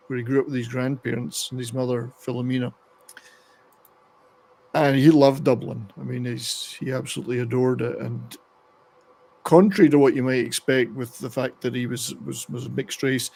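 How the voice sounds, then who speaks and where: A male podcast host with a gravelly, creaky voice leads a relaxed chat about rock music. His pitch is squarely mid-range for a man, and he rambles somewhat, pausing to read excerpts aloud.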